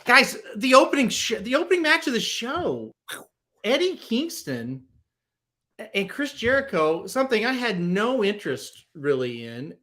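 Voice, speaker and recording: A man's voice: sits high, huge pitch swings, a little slow, pushed and bright. A young man hosting a casual sports podcast, chatting eagerly through a recap with frequent ums. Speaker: podcast host.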